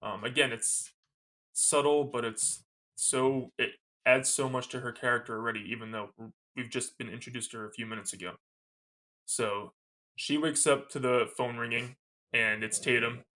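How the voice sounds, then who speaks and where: Bright-voiced chatty male podcast host. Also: mid-range voice, fairly even intonation, normal speed. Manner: chatty retelling, quoting lines, laughing often. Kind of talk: casual movie recap.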